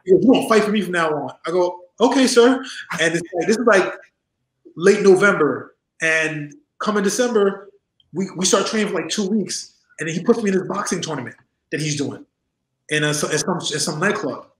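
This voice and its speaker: Speaking at a moderate pace, this interview guest in his forties has a somewhat high voice. Over a video call from an echoey room at home, he shares loose, animated stories, laughing a lot and imitating the people in them.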